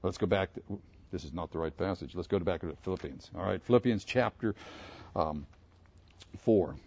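A man from Pittsburgh preaching a sermon, animated and asking his listeners questions. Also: deep voice, normal speed, gravelly, breathy edge, muffled recording. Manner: animated, asks the audience questions. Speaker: pastor.

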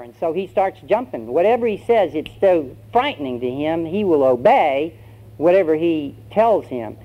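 A pastor preaching, telling a story in a conversational way with fillers. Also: male voice, fairly high pitch, lively intonation, moderate pace. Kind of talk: sermon with storytelling. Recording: dull lo-fi sermon recording, faint hum.

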